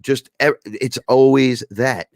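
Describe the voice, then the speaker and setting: A man hosting a casual spiritual podcast chat, animated and profane, acting out imagined back-and-forth dialogue. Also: mid-range voice, slow, dry recording, studio quality. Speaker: podcast host.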